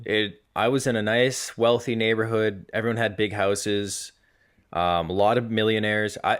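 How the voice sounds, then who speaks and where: A man's voice: fairly low pitch, fairly bright tone. A man co-hosting a podcast in casual chat, joking and rambling with restarts. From Massachusetts. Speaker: podcast co-host.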